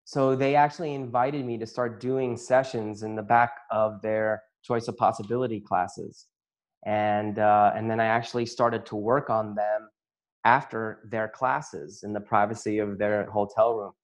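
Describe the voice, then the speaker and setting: A man's voice: on the low side, fairly even intonation, unhurried. A man who works as a chiropractor and facilitator, giving an earnest, emotional personal testimony to an audience and often breaking into laughter.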